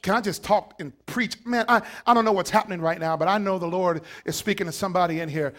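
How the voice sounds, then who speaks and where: High-pitched preacher guy, shouting then going quiet, talks right at the crowd. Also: quick pace. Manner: fiery, shouting preaching that drops to quiet asides; calls out to the congregation. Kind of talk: sermon.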